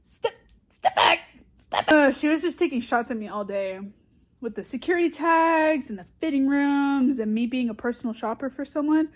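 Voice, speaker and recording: A young woman vlogging, ranting bluntly and profanely about her work. She swings between loud venting and quiet mutters. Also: high voice, brisk. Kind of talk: casual ranting vlog.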